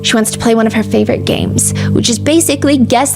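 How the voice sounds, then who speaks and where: A woman's voice: fairly high pitch, fast, gravelly, music in the background. A woman hosting a podcast, telling a true-crime story in a casual, chatty way with fillers and side remarks. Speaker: podcast host.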